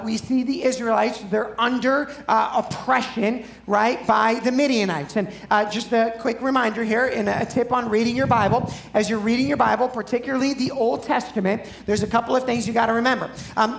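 A male pastor preaches in a relaxed, conversational way, often asking his listeners questions. His voice has a gravelly edge. The sound is roomy and echoey, as in a church. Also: very high-pitched. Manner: conversational, asks the audience questions. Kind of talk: sermon.

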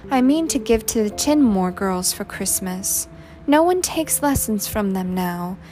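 Practical storybook mother, matter-of-fact, slow and steady, read by a woman. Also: mid-range voice, lightly acted. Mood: earnest. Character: mild-mannered mother, plain and practical.

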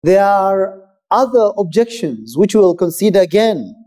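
A man preaching a sermon in a measured, emphatic way with pauses. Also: high-pitched, very animated, warm tone.

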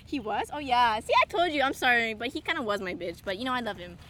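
A young woman chatting casually with a friend, telling stories in an animated, giggly way. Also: a little high, fast talker, background noise. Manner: giggly, animated storytelling, frequent laughter. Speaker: friend answering questions. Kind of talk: casual chat.

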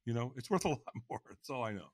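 A man's voice: mid-range voice, quick pace, vocal fry. A man in his sixties, a podcast guest telling his life story with energy, laughing and acting out voices. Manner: energetic, laughing, acts out quotes. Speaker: podcast guest, firewalk instructor. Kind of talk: animated personal storytelling.

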